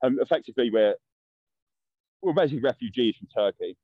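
A man's voice: medium pitch, lively intonation, quick pace, no echo, lo-fi sound. A young man telling stories in casual chat, blunt and full of swearing, acting out what people said. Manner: blunt, swears a lot, acts out quotes. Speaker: guest. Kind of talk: casual storytelling.

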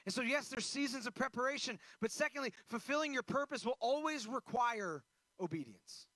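High, bright-voiced male preacher. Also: animated, a little fast, dry recording. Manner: preaching with swings from loud emphasis to hushed intensity. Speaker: pastor. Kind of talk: sermon.

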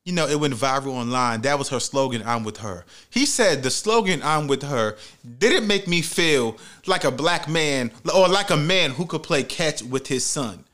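A man's voice: a little high, lively intonation, moderate pace, hardly any pauses, fairly bright tone. A man hosting a comedic commentary vlog, ranting with heavy profanity and mock outrage. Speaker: commentary host.

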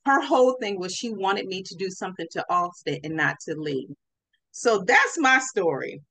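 A woman's voice: mid-range voice, moderate pace, no echo, poor audio. A woman podcast host telling a story in a casual way, acting out what people said. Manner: animated, acts out quoted speech.

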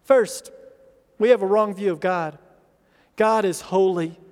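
High-voiced man preaching in a reverberant hall. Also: takes it slowly, darkish tone. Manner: earnest preaching, acts out quoted voices, repeats words when emphatic. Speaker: pastor. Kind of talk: sermon. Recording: long reverb of a large hall.

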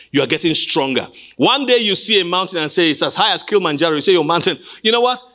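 A pastor preaching a sermon from a church stage, swinging between sing-song cadence and sudden shouts. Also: male voice, fairly high pitch.

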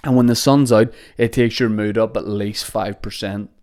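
Podcast host, young man, lower voice, rambling comic monologue, swears a lot. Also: fairly even intonation, normal speed, darkish tone. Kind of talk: casual comedic monologue. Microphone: podcast microphone.

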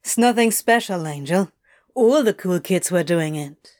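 A woman's voice: lowish voice, expressive, unhurried, a little mellow. Woman reading as Crowley, blunt and swearing. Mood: candid, offhand. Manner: blunt, swears a lot, scolds himself. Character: wry guarded young-adult man, self-mocking. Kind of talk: audiobook reading of fiction.

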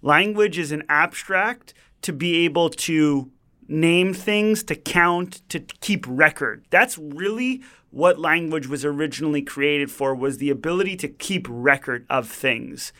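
A man's voice: a little high, animated, measured pace, pushed and bright. A man on a podcast explaining an idea with enthusiasm in casual talk. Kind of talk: casual conversation.

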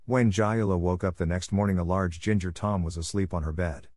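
Deep-voiced male storyteller. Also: fairly even intonation, darkish tone, no echo, clean studio sound. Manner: measured storytelling. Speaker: audiobook narrator. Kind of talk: scripted narration.

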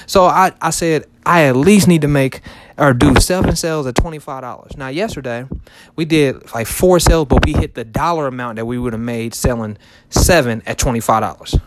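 A man's voice: mid-range voice, brisk, background noise. A man in his thirties talking casually to his viewers in a loose, repetitive way, full of fillers and restarts. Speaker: vlogger and shoe reseller. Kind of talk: casual motivational talk to camera.

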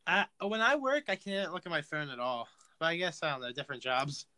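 A man's voice: a little high, very animated, a little fast, pushed and bright, no room sound. A young man hosting a podcast in loose, casual chat, swearing freely. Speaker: podcast host.

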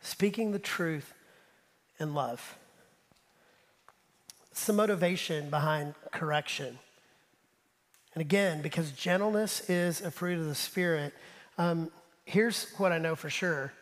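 Male pastor, high voice, animated sermon delivery, long hall reverb behind him. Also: a little slow. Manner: animated preaching, drops to soft asides; talks straight to the congregation. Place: church sanctuary.

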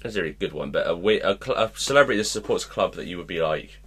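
A low-voiced man trading jokes on a casual podcast, his pitch rising and falling freely. He keeps a dry, joking tone. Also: lively intonation, very fast, fairly bright tone, slightly rough. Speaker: podcast co-host. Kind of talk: casual chat.

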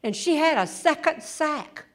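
Brief: woman humorist on stage, lively, acts out voices, laughs along. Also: high voice, measured pace, a little hiss or hum. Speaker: humorist and storyteller. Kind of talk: comic storytelling on stage. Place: theater stage before a live audience.

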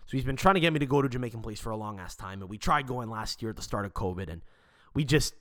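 A man's voice: mid-range voice, lively intonation, racing, fairly bright tone. A man, hosting a podcast and telling a rambling, profane story in casual chat. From Montreal, Canada. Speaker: podcast host.

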